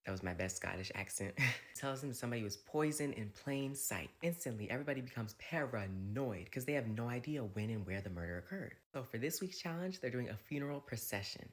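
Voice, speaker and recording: A man hosting a casual, gossipy recap of a reality TV episode, with playful asides. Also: mid-range voice. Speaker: recap host.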